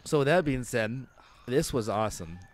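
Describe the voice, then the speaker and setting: A man's voice: medium pitch, animated, normal speed, slight background noise. A man co-hosting a casual comedy podcast, telling crude stories and laughing often. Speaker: podcast co-host.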